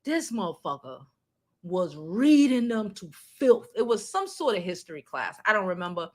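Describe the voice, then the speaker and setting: A woman's voice: mid-range voice, big pitch swings, moderate pace, darkish tone. A middle-aged woman hosting a live stream, chatting casually and animatedly with frequent fillers and restarts. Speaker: channel host.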